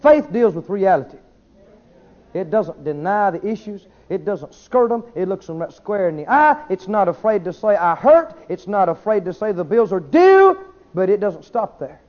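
A man preaching a sermon, swinging between shouted declarations and quiet asides. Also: high-pitched, moderate pace. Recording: dull lo-fi sermon recording.

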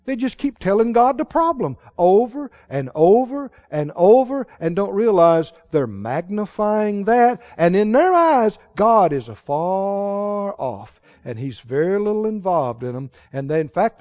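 A man's voice: high voice, sing-song, unhurried, darkish tone, dull audio. A man preaching a sermon with emphatic, repetitive phrasing that rises to exclamations.

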